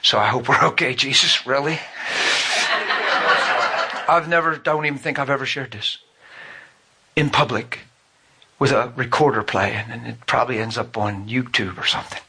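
A man's voice: mid-range voice, normal speed, pauses often, sharp tone, slight background noise. A man preaching a sermon, telling a personal story with fervent, emotional storytelling.

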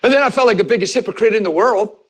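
Man, pastor, lively sermon storytelling, a bit high-pitched, acts out dialogue, direct and conversational. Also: very fast, rough recording. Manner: animated, re-enacts conversations with rising pitch and bursts of laughter; conversational, direct address to congregation.

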